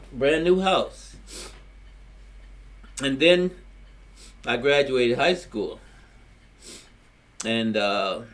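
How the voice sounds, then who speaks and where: Older Louisiana man, plain-spoken elder recalling family history at length. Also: medium pitch. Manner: rambling, plain-spoken storyteller acting out quotes. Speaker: family elder telling his story. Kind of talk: storytelling in a family history recording.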